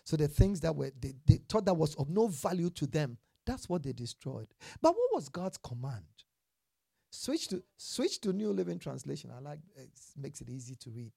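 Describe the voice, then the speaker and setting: Gravelly, animated preacher. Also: mid-range voice, moderate pace, dry recording, clean studio sound. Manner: asks the congregation questions and answers them; emphatic, building to loud passages. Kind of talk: sermon with Bible reading.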